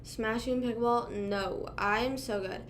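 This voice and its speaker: A woman's voice: on the high side, steady tone, measured pace, slight background noise. A young woman from Pennsylvania chatting casually with live viewers, rambling and self-deprecating, full of fillers. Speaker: livestream host.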